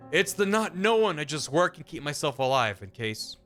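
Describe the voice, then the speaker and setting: A man's voice: a little high, sing-song, normal speed, fairly bright tone, faint music behind. A man voicing a worried middle-aged mother who is anxious and pleading, reading her lines from a story game. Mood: weary.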